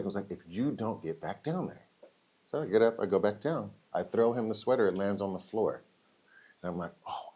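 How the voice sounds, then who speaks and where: A man with a fairly low voice tells a personal story to a live audience. He swings his pitch widely as he acts out the quoted lines. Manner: animated storyteller acting out quoted dialogue. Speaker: speaker at a roundtable. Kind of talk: storytelling speech.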